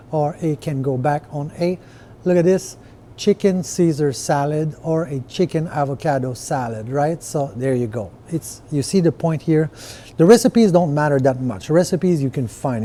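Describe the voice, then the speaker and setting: A man's voice: fairly high pitch, dark tone, slight background noise. A man who owns restaurants, casually walking through his menu on a screen share, with lots of fillers and rhetorical "right?" checks. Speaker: restaurant owner podcaster. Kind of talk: casual explanatory walkthrough.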